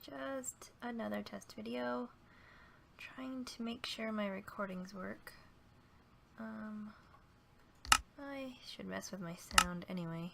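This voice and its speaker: Slow and mid-range, with vocal fry and frequent pauses, this gaming video creator gives light, playful commentary and talks to the on-screen animals. It's a noisy home recording.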